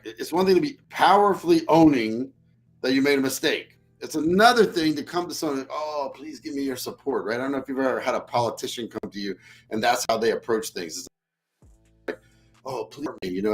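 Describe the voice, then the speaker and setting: A man's voice: on the high side, poor audio. A man hosting a leadership podcast, talking bluntly and emphatically and swearing freely. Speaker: host.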